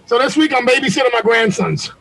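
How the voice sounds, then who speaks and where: A middle-aged man on a video call, telling a long story in an animated, profane, slangy way. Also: very high-pitched, fast, vocal fry, crowd noise, poor audio. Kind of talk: casual storytelling on a group call.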